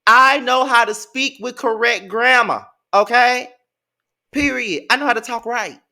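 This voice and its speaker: A man in his thirties with a Mississippi Southern accent, recapping a reality show in a sassy, profane, animated way. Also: extremely high pitch, measured pace, creaky. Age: 30s. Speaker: TV show reviewer. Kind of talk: casual recap commentary.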